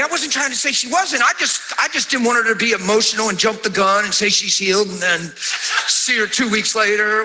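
A man preaching a sermon as a pastor, telling a testimony like an animated storyteller who acts out the dialogue. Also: high voice, a little fast, poor audio.

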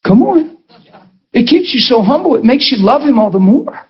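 High-voiced animated male preacher. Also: moderate pace. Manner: animated, laughing, swings between high and low voice. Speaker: pastor teaching a ministry school. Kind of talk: sermon, personal storytelling. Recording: dull lo-fi recording.

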